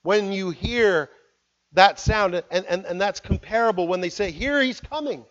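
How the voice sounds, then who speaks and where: A man preaching a sermon, earnest, moving between loud appeals and hushed, quiet words. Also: sits high, steady tone, measured pace, muffled recording. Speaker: pastor.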